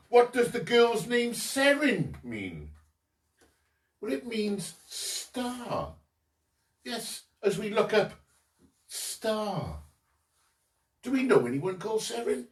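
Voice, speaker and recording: A man's voice: high-pitched, fairly bright tone. A man hosting a home quiz, reading each question and giving the answer himself with jokey asides. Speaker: quiz host. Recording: echoey room, distant mic.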